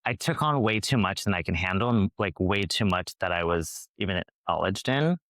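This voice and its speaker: A young man, a hairstylist guest, telling stories in a chatty, animated way with lots of fillers. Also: deep voice, fairly quick, no echo, clean studio sound. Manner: chatty, animated storyteller with many "like"s. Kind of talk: casual podcast interview.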